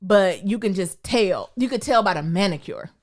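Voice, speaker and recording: A woman's voice: mid-range voice, moderate pace. A woman from Detroit co-hosting a podcast, telling stories in casual, slangy chat and acting out quotes. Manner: animated storytelling, slangy, acts out quotes. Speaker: podcast co-host.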